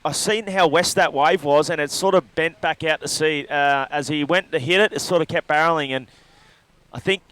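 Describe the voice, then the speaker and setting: A man's voice: a little high, normal speed, fairly bright tone, smooth. A man giving loose, rambling live commentary on a surf contest, breaking down each ride. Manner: loose, rambling analysis with fillers.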